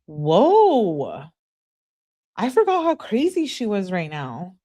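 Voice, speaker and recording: A woman's voice: mid-range voice, huge pitch swings, slow, mellow. A woman giving casual true crime commentary with blunt, sarcastic asides while reading texts and chat comments.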